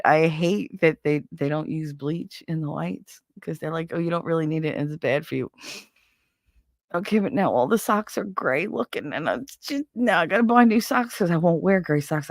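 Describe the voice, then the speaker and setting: A middle-aged woman with a fairly low voice, talking in a blunt, exasperated rant full of swearing. She speaks close to the mic in a dry, dead room, like a casual livestream host chatting to viewers. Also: no echo. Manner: blunt, profane, exasperated ranting. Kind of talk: casual venting monologue.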